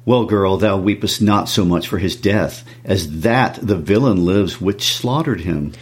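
A man's voice: deep voice, a little slow, husky. A man reading a stern noble mother. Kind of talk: classroom read-aloud of a play.

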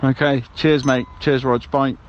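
A man's voice: mid-range voice, little pitch movement, measured pace, lo-fi sound, a little hiss or hum. A man leaving rambling, cheerful voicemails as a balloon ride passenger, with many hesitations. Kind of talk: comic voicemail monologue.

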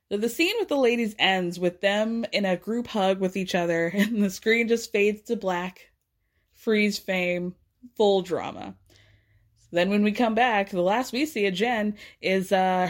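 A woman casually recapping a reality show, chatty and acting out quotes in a raised voice. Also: mid-range voice. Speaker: recap podcaster.

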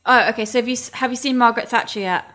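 Woman, casual podcast chat, bright tone, swears freely, higher voice. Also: very fast. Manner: swears freely, mocking mimicry. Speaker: podcast co-host.

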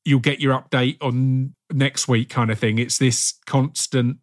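A man's voice: medium pitch, a little slow. A man hosting an interview, talking casually and swearing now and then. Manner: relaxed, conversational, swears casually.

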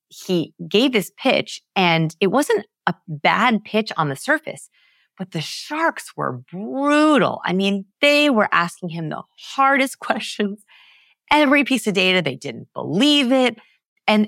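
A woman guest on a podcast, explaining research with emphatic, animated storytelling and big pitch swings. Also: dry recording, studio quality. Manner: lively, emphatic, swings pitch high to act out examples.

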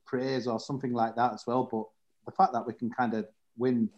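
A man's voice: medium pitch, level tone, fairly quick, darkish tone, muffled recording. A man chatting casually as a podcast guest, rambling a little with tag questions and loose fillers. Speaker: guest, football fan. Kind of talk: casual chat.

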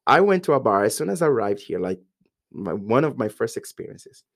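Brazilian-accented man telling lively stories. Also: on the low side, a little fast. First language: Portuguese. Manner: lively storyteller who acts out quoted voices. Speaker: guest, English teacher. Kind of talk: casual podcast interview.

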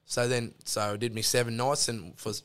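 Brisk and fairly bright, with a level tone at medium pitch, this voice belongs to a middle-aged Australian guest on a podcast. He tells loose, rambling stories, cursing freely and full of restarts and side comments.

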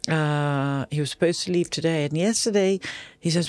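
A woman in her fifties, a yoga instructor, chats as an interview guest with a low, darkish voice at a slightly fast pace. She talks openly and emotionally, with many restarts and trailing phrases, and there's no room sound.

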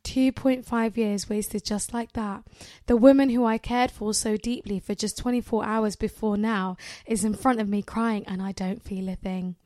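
A woman co-hosting a podcast, reading a story aloud with animated commentary, often laughing and swearing. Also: mid-range voice, moderate pace, few pauses, no room sound. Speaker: podcast co-host.

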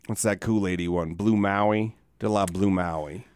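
A middle-aged podcast host with a low, darkish, clear and resonant voice speaks at a moderate pace in a steady tone, with no echo. Recorded on a studio microphone, he tells rambling stories in casual chat, swearing plenty and laughing often.

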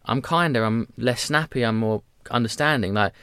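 A man in his thirties, heard as a podcast guest, chats candidly in a smooth, medium-pitched voice. He's a quick, animated storyteller who acts out little voices. The recording is studio quality with no echo.

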